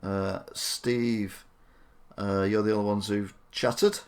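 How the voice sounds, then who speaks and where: A man's voice: on the low side, little pitch movement, takes it slowly, darkish tone. A man hosting a live stream, giving chatty, opinionated commentary with rambling asides.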